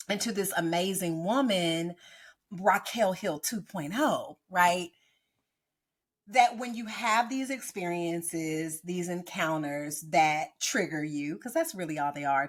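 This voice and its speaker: A woman podcast host and pastor giving earnest, exhorting encouragement, often checking in with "right?". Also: fairly low pitch. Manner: preachy, exhorting, frequent "right?". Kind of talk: encouraging ministry podcast talk. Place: boardroom.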